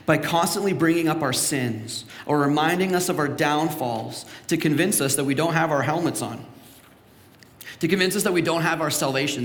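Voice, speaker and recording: A young man from Canada preaches a sermon, his fairly high voice ringing around a large, echoey church. He tells stories in a lively way and acts out the voices of the people in them. The long reverb of the hall trails after each phrase. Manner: storytelling, acts out quoted voices. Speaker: pastor. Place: church sanctuary.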